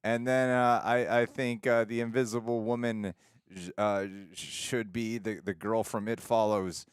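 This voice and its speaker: A man's voice: on the low side, fairly even intonation, a little slow, clean tone, no echo, clean studio sound. A man on a casual livestream chat, apologetic and laughing, hesitating with fillers. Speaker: podcast guest.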